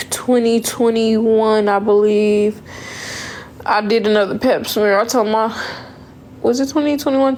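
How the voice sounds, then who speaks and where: A woman's voice: a little high, darkish tone, a little hiss or hum. A young woman, talking casually and emotionally in a storytime vlog, rambling and repeating her words. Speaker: vlogger.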